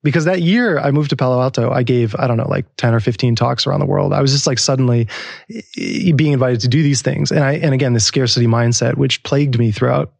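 A man in his forties talks through a long story as a podcast guest, circling back and restarting his sentences. His voice has a gravelly edge, and the sound is dry and close to the mic. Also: medium pitch, fast talker, dry recording. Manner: rambling, self-interrupting, laughs often. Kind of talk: casual storytelling conversation.

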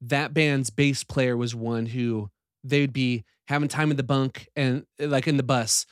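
A man's voice: medium pitch, fairly even intonation, unhurried, dry recording, clean studio sound. A man hosting a podcast, talking candidly and self-deprecatingly with lots of casual fillers. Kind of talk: casual conversation.

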